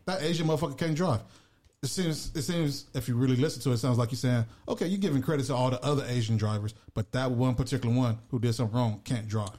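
A man on a podcast argues his case in loose, casual chat. He talks quickly in a mid-range voice. He explains his point through animated examples. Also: mid-range voice. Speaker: podcast co-host.

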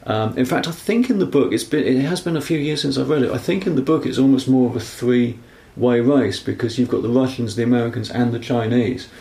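Gravelly man rambling about films. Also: mid-range voice, brisk, hardly any pauses, mellow, echoey room. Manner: rambling, self-correcting, apologetic about being nerdy. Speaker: podcast co-host. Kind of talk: casual film discussion.

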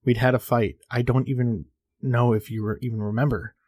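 A man reading the lines of a weary, guilt-ridden older brother of about thirty, who speaks quietly and apologetically and swears now and then. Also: medium pitch, little pitch movement, a little fast, dry recording, close to an everyday voice. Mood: regretful.

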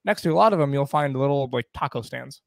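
A man's voice: medium pitch, fast, creaky, no echo, studio quality. A man co-hosting a podcast, easygoing casual chat with frequent laughter. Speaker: podcast co-host.

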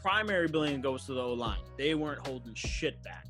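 A man's voice: mid-range voice, expressive, brisk, over music. A young man in casual sports chat, ranting in a heated, profane way. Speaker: podcast co-host, sports fan.

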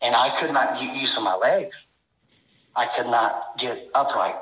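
A guest recounts his frightening encounters in emotional first-person storytelling, rambling and intense, packed with "you know." His medium-pitched voice is a bit slow and fairly bright. The recording is rough, with a roomy sound.

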